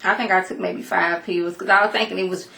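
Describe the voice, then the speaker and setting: A woman casually reviewing a TV episode, animated and emphatic, talking back at the characters. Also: fairly low pitch, fairly quick, creaky, roomy sound. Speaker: TV show reviewer.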